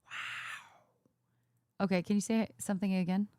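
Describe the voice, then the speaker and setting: A woman's voice: medium pitch, steady tone, darkish tone, dry recording, studio quality. A woman livestreaming, chatting casually with a friend on a call and reading chat messages aloud. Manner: chatty, reads chat aloud, quick asides. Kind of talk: casual chat on a live stream.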